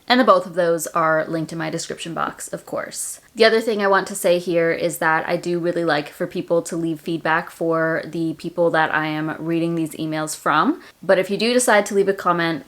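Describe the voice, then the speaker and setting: An American woman hosting a personal finance video, talking in a chatty, friendly way. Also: on the low side. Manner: chatty and friendly, says y'all. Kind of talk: casual direct-to-camera finance talk.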